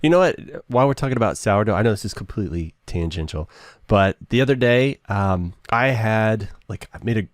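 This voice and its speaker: A man's voice: fairly low pitch, animated, brisk, dry recording, clean studio sound. A man hosting a podcast, chatting in a laid-back way and laughing easily. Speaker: podcast host. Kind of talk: casual chat.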